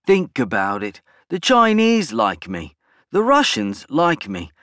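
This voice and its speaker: A man's voice: wildly swooping pitch, slow, a bit bright, dry recording, studio quality, full character voice. A man voicing a brash, arrogant male politician who snaps out his words in a boastful, threatening way. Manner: snapping, boastful, raised pitch.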